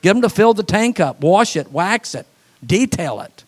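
A man preaching a sermon as pastor, folksy, with quick asides and acted-out voices. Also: sits high, big pitch swings.

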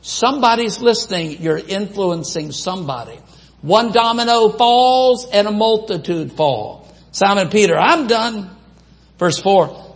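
A man with a fairly high voice preaches with a drawl. He reads scripture aloud and asks the congregation questions in an animated way. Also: a little slow. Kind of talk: sermon.

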